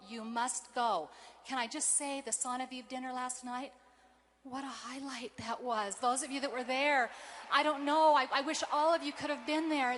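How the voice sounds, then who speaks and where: A woman giving a motivational convention speech, telling personal stories in a warm, emotional way. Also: on the high side, slight background noise. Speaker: convention speaker.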